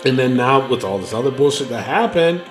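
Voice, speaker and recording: A man's voice: mid-range voice, animated, fairly quick, faint music behind. A man hosting a casual podcast, rambling and swearing freely as he gives his opinions on wrestling. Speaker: podcast host.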